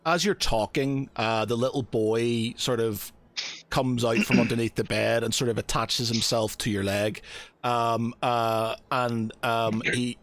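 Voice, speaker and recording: A man narrating a tabletop game as game master, halting often with fillers and giggling. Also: mid-range voice, fairly even intonation, fairly bright tone. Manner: hesitant, many fillers and giggles.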